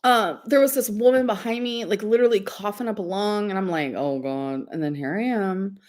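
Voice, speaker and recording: A young woman chats to her livestream viewers in a loose, rambling way. She giggles often and fills her talk with "like" and "um". Her voice sits at an ordinary middle pitch. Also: fairly quick, darkish tone. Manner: chatty, rambling, giggly, lots of "like" and "um". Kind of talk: casual livestream chat.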